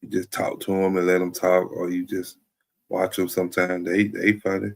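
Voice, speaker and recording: A man with a gravelly, fry-edged voice riffs through a casual comedic monologue. His pitch sits a little low, and he keeps looping back with "you feel me" as he talks to his stream audience. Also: monotone, normal speed. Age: adult. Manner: rambling, repeats "you know what I'm saying". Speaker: streamer host.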